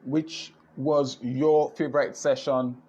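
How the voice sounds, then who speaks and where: A man with a Nigerian accent hosts a live online business session, talking in an animated way and repeating his words. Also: medium pitch, takes it slowly, breathy edge. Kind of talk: lively live-stream talk.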